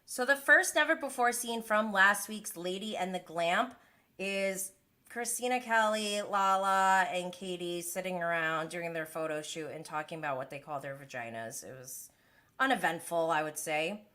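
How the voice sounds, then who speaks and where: A woman's voice: fairly low pitch, moderate pace, pushed and bright. A young woman hosting a casual recap livestream, chatty and gossipy, who laughs often. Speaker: host of a reality TV recap livestream.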